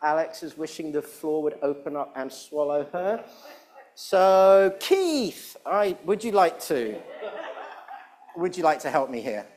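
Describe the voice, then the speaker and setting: A man's voice: fairly high pitch, very animated, unhurried, darkish tone. A middle-aged man leading a jokey all-age church talk, playful and rambling as he teases the congregation. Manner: playful, rambling, teasing the audience. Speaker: church service leader.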